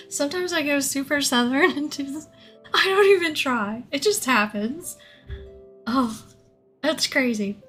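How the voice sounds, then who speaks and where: Young female streamer, casual and giggly; high, bright voice over quiet music. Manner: giggly, chatty, thanks viewers. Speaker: livestreamer. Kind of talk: casual live-stream chat.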